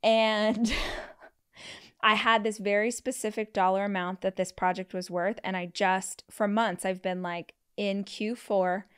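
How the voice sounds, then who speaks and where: Animated woman telling a personal story. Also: a little slow, clean tone. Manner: animated, acts out quotes with big pitch jumps; frequent "like" fillers. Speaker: podcast host. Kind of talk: casual storytelling.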